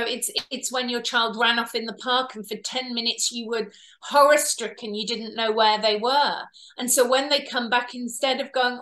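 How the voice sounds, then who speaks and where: A woman, a healer giving long interview answers and acting out parents and children as she explains. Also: a little high. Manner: animated, acts out quoted parents and children. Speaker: past life regressionist and healer.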